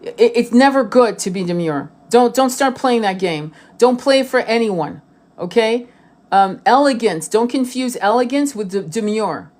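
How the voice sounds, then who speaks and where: A woman's voice: fairly high pitch, animated, measured pace, darkish tone. A woman who reads tarot and twin flames, talking to camera in a blunt, profane and emphatic way and repeating herself for stress. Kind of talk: casual monologue to camera.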